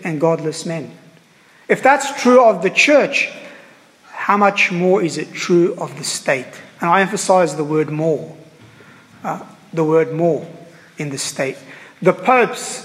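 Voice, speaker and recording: A man preaching a sermon as a priest, earnest and halting, repeating phrases and pausing on fillers. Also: sits high, long reverb tail, low-quality recording.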